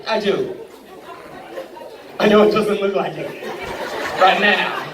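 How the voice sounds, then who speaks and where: A woman with a mid-range voice delivers a slow, brash, foul-mouthed stand-up routine at a live benefit show in a big indoor hall, frequently cracking up at her own punchlines. Captured from far away on an audience member's phone, the sound is echoey, and crowd laughter and room noise fill the background.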